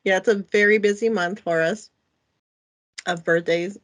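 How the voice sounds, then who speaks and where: A woman's voice: mid-range voice, steady tone, moderate pace. A middle-aged woman who is a guest on a podcast, chatting candidly and laughing often. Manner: candid, giggly, frequent laughter. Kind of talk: casual chat.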